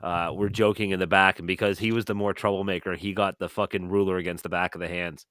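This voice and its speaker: A man's voice: deep voice, fairly even intonation, quick pace, a bit bright, smooth, dry recording. A man co-hosting a casual podcast chat, dry and laid-back.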